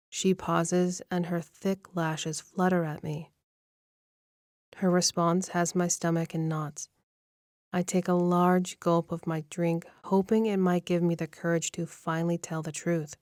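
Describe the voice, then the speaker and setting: A woman narrating a first-person romance audiobook in an even, measured storytelling manner, close to the mic. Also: on the low side, no room sound.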